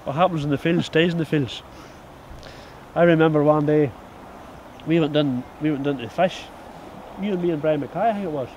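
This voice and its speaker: A man's voice: a little high, a little fast, darkish tone, dull audio, slight background noise. Older man, fond recollection. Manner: chuckling, easygoing recollection. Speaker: documentary subject. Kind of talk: reminiscing storytelling.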